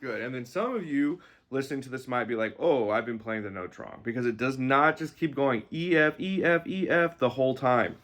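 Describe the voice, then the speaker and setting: A man's voice: medium pitch, a little fast, few pauses, faint music behind. Man teaching a violin lesson. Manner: relaxed, explanatory, with fillers. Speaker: music teacher. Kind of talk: instrument lesson walkthrough.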